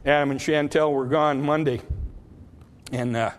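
High-voiced man preaching a sermon. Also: fairly even intonation, unhurried. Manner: preachy, rising to impassioned peaks and dropping to quiet asides. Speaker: pastor.

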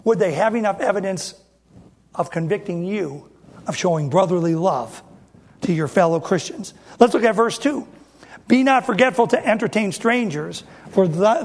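A middle-aged man preaching a sermon as an independent Baptist preacher, emphatic and repeating phrases as he speaks straight to the congregation. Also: high voice.

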